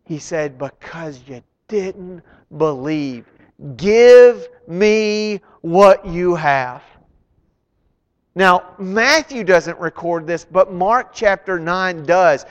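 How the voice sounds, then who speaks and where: A man preaching a sermon, retelling scripture dramatically and swinging between loud emphasis and hushed asides. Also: high-pitched, clean tone. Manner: dramatic, voices the figures in the stories he retells. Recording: long hall reverb.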